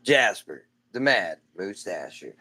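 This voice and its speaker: A man's voice: low-pitched, very animated, slow, pushed and bright, husky. A man streaming live from home, chatting casually in a loose, rambling way, swearing offhand and calling everyone "dude".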